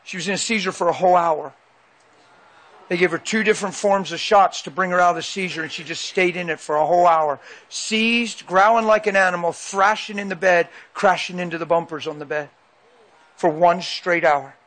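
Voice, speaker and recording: A man's voice: high-pitched, brisk, fairly bright tone. A man preaching a sermon into a handheld mic, emphatic and repeating phrases for weight.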